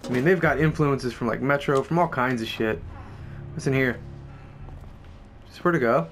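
A young man doing casual, profane let's-play commentary who swears a lot and gets excited easily. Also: medium pitch, normal speed, slight background noise. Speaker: gameplay commentator.

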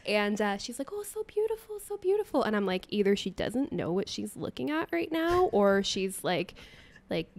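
A woman's voice: mid-range voice, animated, normal speed, creaky. A young adult woman, a photographer guest on a podcast, chatting casually and laughing often. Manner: chatty, laughs often, acts out her grandma's voice. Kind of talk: casual interview chat.

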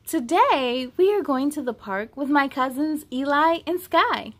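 A young adult woman reading a children's story aloud, expressive, with chatty asides to the kids. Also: high voice, unhurried, hardly any pauses.

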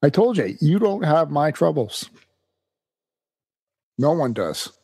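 A man's voice: fairly high pitch, sing-song, slow pace, dark tone, husky, no echo. A man co-hosting a podcast in casual chat, dry and jokey, often mock-complaining. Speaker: podcast co-host.

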